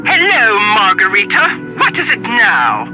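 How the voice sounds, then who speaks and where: A woman's voice: mid-range voice, huge pitch swings, a little slow. An actress voicing a pompous, fussy older society chairwoman in a video game, haughty and theatrical with old-fashioned phrasing. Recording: dull lo-fi game audio. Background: faint game music.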